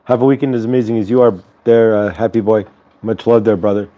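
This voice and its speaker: The host of a spiritual morning show speaks fast in a rather low, fairly even voice, and the audio sounds like it came over a phone. He rambles loosely, filling his talk with fillers, and guides listeners through breathing from his home. A clip-on lapel mic picks him up.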